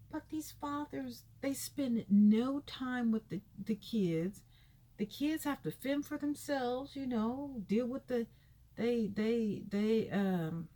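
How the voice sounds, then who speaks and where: A woman giving a casual, profane recap of a reality show, animated and laughing, with asides. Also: on the high side. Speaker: reality TV commentator.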